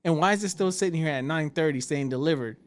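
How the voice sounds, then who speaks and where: A man's voice: fairly high pitch, fast talker. A man, co-hosting a casual podcast chat, telling stories with plenty of swearing. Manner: storytelling, swearing, laughs often. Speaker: podcast co-host.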